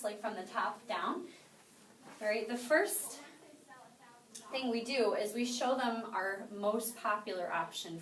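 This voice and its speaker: A young woman leading a sales training class, upbeat and constantly quizzing her trainees with "okay?". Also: fairly high pitch. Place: training room with a group. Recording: echoey room, mic far off.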